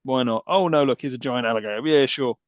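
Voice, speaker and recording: A man co-hosting a podcast, reacting to a film with quick, sweary disbelief. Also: mid-range voice, no echo, dull audio. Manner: quick, sweary, incredulous commentary. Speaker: podcast co-host. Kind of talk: casual film chat.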